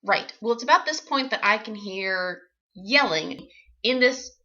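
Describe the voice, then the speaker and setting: A woman actress telling a comic personal story, animated and wry, with sarcastic asides. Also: mid-range voice, unhurried, lo-fi sound.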